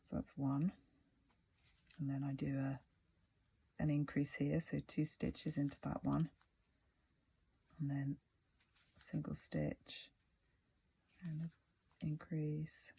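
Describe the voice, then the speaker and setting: Chatty crochet tutor with gravelly voice. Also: medium pitch, level tone, slow, pauses often, dark tone. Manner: rambling, chatty, many "like" fillers; mutters asides under the breath.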